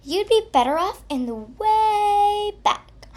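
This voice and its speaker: A woman's voice: high voice, lively intonation, unhurried, pitched above the performer's own voice, exaggerated voice. A woman voicing Hairbrush, a snooty, stuck-up female hairbrush who talks down to others in a fake-sweet voice full of "like". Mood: fake nice. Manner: fake-sweet, condescending, drawls "like". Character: snooty female hairbrush, queen-bee mean girl.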